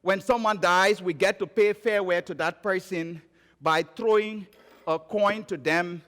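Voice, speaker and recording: A man's voice: steady tone, unhurried. Liberian man preaching in an echoey church. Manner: storytelling, rising and falling between emphatic calls and quiet low phrases. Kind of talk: sermon. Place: church sanctuary. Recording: church sanctuary with long reverb.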